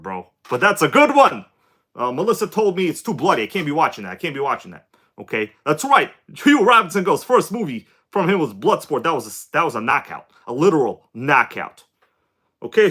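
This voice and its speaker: Lively, bright-voiced man chatting. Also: sits high. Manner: joking, chatty, greets chat viewers by name. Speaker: live stream host. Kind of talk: casual live-stream chat.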